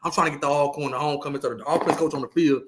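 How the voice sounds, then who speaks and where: Man, higher-pitched and lively, casual podcast storyteller who stumbles over his words. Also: racing. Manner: animated, repeats words, acts out quotes. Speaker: podcast co-host and youth football coach.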